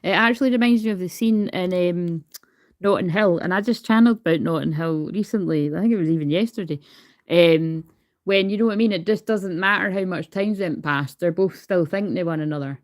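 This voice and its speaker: A woman's voice: fairly low pitch, fairly quick. A woman doing a casual livestream card reading into a phone. She is chatty, swears freely and calls herself hyper. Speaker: tarot card reader.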